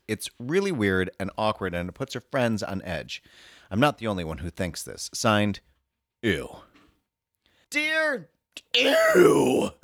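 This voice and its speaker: A man's voice: on the low side, a bit bright, no room sound, studio quality. A man co-hosting a comedy advice podcast, reading letters aloud with a sardonic edge.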